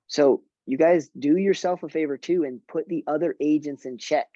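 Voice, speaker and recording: Guy coaching other realtors at a conference, kinda high voice, dull dry sound, chatty. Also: moderate pace, few pauses, dark tone, dry recording. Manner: conversational, acts out client dialogues. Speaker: real estate agent teaching other agents. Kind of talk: conference talk.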